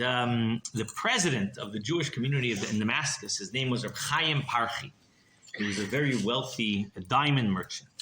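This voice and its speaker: A man's voice: lowish voice, noisy background. A man, a rabbi, tells a story in a sermon and keeps checking in with the listeners by asking "right?". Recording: roomy echo, faint clicks.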